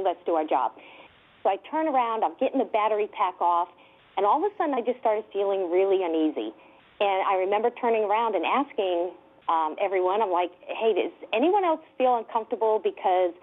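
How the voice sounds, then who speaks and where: A woman investigator telling a story with excitement, laughing often and using many fillers. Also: medium pitch. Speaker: guest UFO investigator. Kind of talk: animated storytelling. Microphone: telephone. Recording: tinny phone line.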